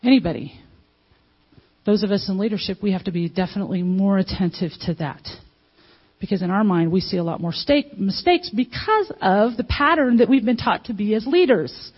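A woman delivers a sermon in a relaxed, conversational way, putting questions straight to the congregation. Her voice sits in a middle range. The recording has a slightly dull, muffled sound. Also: medium pitch, moderate pace, husky. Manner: conversational, asks the audience questions, acts out quotes. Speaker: preacher.

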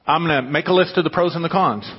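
A man's voice: fairly high pitch, fast talker, slightly rough. A man preaching a sermon to his congregation in a conversational manner, breaking into emphatic, raised bursts. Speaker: pastor. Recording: dull muffled audio with long hall reverb.

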